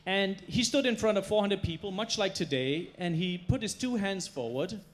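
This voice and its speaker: Higher-voiced man storytelling on stage. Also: animated, normal speed. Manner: storytelling, emphatic, playful. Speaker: chef giving a stage talk. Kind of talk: stage presentation. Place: stage before a live audience.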